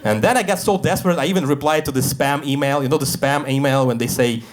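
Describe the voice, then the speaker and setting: A man doing a stand-up set in a comedy club, deadpan and self-deprecating, acting out the voices he quotes. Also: mid-range voice, quick pace. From Russia. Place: comedy club stage with a live audience. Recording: live club recording with crowd laughter. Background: audience laughter.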